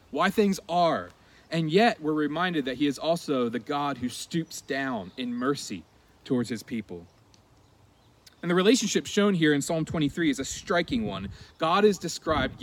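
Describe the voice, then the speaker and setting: A pastor preaching an earnest sermon to his congregation, stressing key words with deliberate pauses. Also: a little high, slight background noise.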